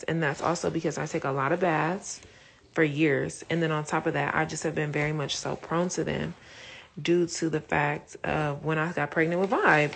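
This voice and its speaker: A woman's voice: on the low side, vocal fry, a bit bright, a little hiss or hum. A young woman casually chatting to her viewers on a phone livestream, swearing freely and calling them y'all. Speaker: Instagram Live host.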